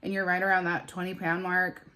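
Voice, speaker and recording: A woman's voice: on the low side, completely flat delivery, fairly quick, bright, forceful tone. Woman rambling in a confessional vlog. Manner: rambling, emotional self-talk. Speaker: vlogger and mother.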